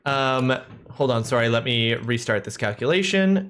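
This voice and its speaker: A man's voice: mid-range voice, expressive, moderate pace, fairly bright tone. A man narrating as game master in a casual, rambling way with many fillers.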